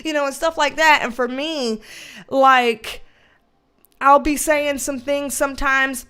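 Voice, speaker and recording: A woman's voice: high-pitched, fairly even intonation, takes it slowly, fairly bright tone. A woman hosting a casual livestream, greeting viewers by name, laughing often and swearing casually. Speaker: livestream host. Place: dim indoor room with ring light.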